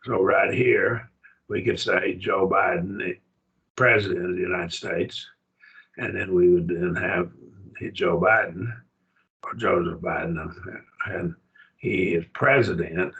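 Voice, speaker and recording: A man's voice: deep voice, steady tone, a little slow, fairly bright tone, dull audio. An older man teaching a Greek grammar lesson, patient, checking that his student follows. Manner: patient, explains step by step, checks understanding.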